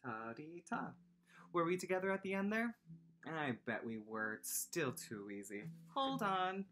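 A woman's voice: lowish voice, sing-song, moderate pace, a bit bright. A woman music teacher giving a playful online lesson to young children, teasing them and chanting rhythm syllables.

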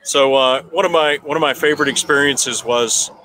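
A man's voice: medium pitch, fairly even intonation, normal speed, sharp tone. A man telling a long personal story at a town hall, rambling with restarts and chuckling now and then. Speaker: political candidate telling a story.

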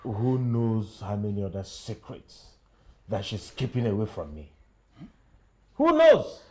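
A man's voice: lowish voice, sing-song, measured pace, a little mellow, a little hiss or hum. An actor with a Nigerian English accent playing a betrayed husband who confronts his wife with accusations. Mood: accusing. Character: betrayed, angry husband demanding answers. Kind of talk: film drama acting.

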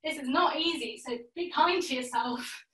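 A woman with a high, slightly bright voice teaches a yoga class, calling out poses in quick rounds with friendly encouragement. Her voice comes from a distance in an echoey room.

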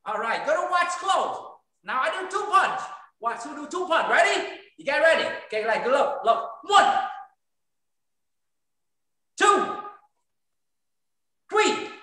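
Barking short drills and counting reps out loud, a man leads kids through an online kung fu lesson in his training studio. He's a martial arts instructor whose extremely high voice sounds pushed and bright. Heavy echo fills the room, and he's well away from the microphone.

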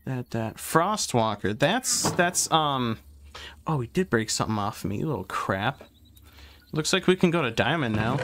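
A young man giving casual gameplay commentary as he sorts items and talks to himself, trailing off into fillers, and he gets loud and excitable once a fight starts. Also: medium pitch, slight background noise. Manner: excitable, yells taunts when a fight starts. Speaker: gaming YouTuber.

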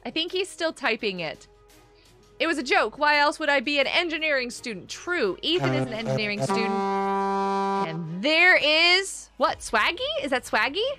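A woman's voice: high-pitched, sing-song, normal speed, pushed and bright. A middle-aged woman hosting a casual gaming live stream from home, bubbly and giggly as she reads viewers' chat aloud. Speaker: livestream host. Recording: faint music behind.

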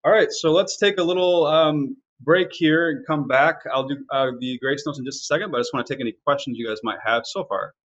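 A man's voice: fairly high pitch, a little fast, few pauses, fairly bright tone, highs cut off, slight background noise. A man teaching a live online violin lesson, explaining casually with fillers.

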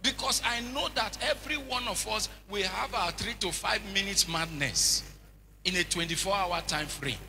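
High, bright-voiced preacher. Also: male voice, moderate pace, vocal fry, faint music behind. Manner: animated, humorous storytelling, rhetorical questions. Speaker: bishop, preacher. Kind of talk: sermon.

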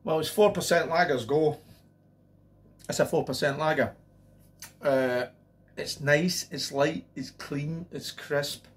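A man with a fairly high-pitched voice chats his way through a beer review. He rambles and drifts into jokey asides between sips. His delivery stays loose and unpolished. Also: takes it slowly, long pauses. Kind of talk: casual beer review vlog.

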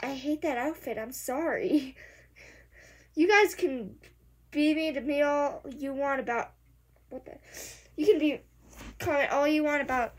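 A young woman giving casual, sarcastic commentary on a clip, hyper and excitable, slipping into mocking impressions. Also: high-pitched, a little slow. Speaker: reaction video creator.

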